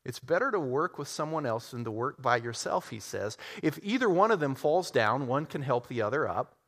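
A man preaching a sermon, telling a story and acting out its characters with lively swings in his voice. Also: moderate pace. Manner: animated, acts out characters with big pitch swings. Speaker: pastor. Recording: long hall reverb.

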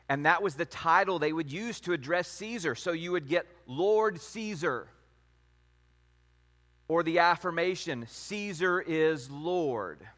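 A man teaching a sermon in a measured way, reading scripture passages aloud. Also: a little high, sharp tone. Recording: long hall reverb.

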